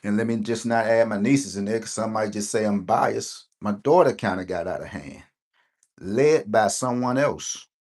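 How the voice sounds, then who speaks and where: Here a middle-aged man running a lottery channel shares a loose, rambling personal story with viewers, often adding "right?". His lowish voice is a little mellow and moves at a moderate pace.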